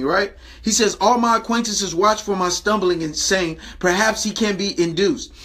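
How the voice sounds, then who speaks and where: Bright, high-voiced man preaching emphatically. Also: moderate pace, hardly any pauses. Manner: emphatic, repeats phrases and asks "right?". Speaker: preacher and video host. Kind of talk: preaching a Bible lesson to camera.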